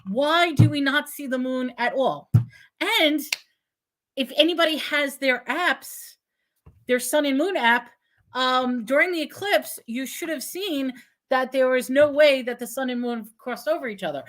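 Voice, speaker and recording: High-voiced woman hosting a casual chat. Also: measured pace. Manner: animated, questioning, puts on a cutesy sing-song for props. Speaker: host. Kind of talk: casual live-stream chat.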